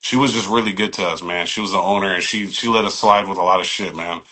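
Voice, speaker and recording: A middle-aged man from San Jose, guest on a podcast, telling his life story in a casual, profane, animated way and acting out what people said. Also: low-pitched, fast. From San Jose, California. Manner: animated, profane, acts out quoted speech, many fillers like "you know what I mean".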